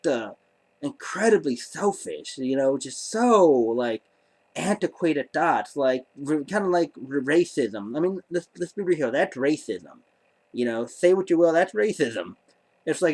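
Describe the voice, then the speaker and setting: Exasperated rambling guy, somewhat high voice. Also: a little mellow. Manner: rambling, stammering restarts, exasperated disbelief. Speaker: vlogger. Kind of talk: casual storytelling to camera.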